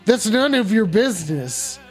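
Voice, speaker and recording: A man's voice: sits high, sing-song, measured pace, a little mellow, soft background music. A man playing a foul-mouthed stoned Santa. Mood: exasperated. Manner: profane, rambling, defensive. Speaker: host. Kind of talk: comedic improv livestream.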